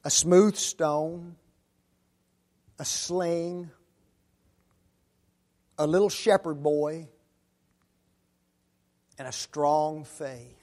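High-voiced male preacher. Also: fairly even intonation, very slow, pauses often. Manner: rhetorical tag questions, swinging between loud declarations and hushed asides. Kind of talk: sermon.

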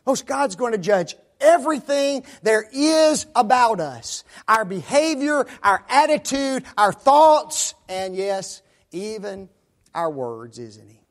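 A man's voice: high voice, sing-song, slow. A man preaching a sermon, often calling his listeners folks and tagging his points with rhetorical questions.

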